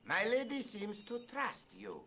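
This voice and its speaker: A loyal but suspicious manservant in a video game, speaking. His voice is bright and lively, slightly high, terse and deferential. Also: a little slow, slight background noise, full character voice. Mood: wary. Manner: terse, deferential yet wary. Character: loyal, suspicious Spanish manservant, middle-aged man.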